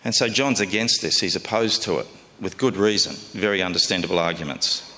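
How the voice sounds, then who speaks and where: A man's voice: sits low, brisk, pushed and bright, long reverb tail. A man preaching a sermon in a conversational, folksy way, often asking his listeners questions.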